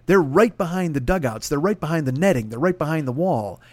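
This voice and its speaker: A man's voice: on the high side, animated, a little fast, no echo. Profane rambling storyteller man, dry sound. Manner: profane, rambling, self-mocking. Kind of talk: casual storytelling.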